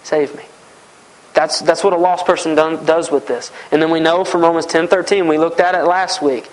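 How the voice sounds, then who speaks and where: A man's voice: fairly high pitch, level tone, brisk, poor audio. A man preaching a sermon, earnest and repetitive, often voicing heartfelt prayers aloud.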